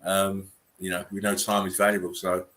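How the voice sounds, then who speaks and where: A man's voice: sits low, monotone, moderate pace, a bit bright. A man hosting a laid-back livestream chat, greeting viewers by name and laughing often. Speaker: host.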